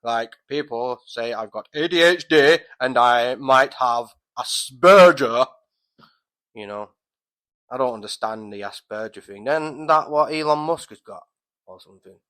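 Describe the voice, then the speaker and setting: A man tells a long, wandering story on his podcast in a casual monologue, swearing freely and restarting his sentences. His voice is bright and forceful, and he sits at a middling pitch for a man. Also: a little slow. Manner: rambling, heavy swearing, many fillers and restarts. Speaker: podcast host.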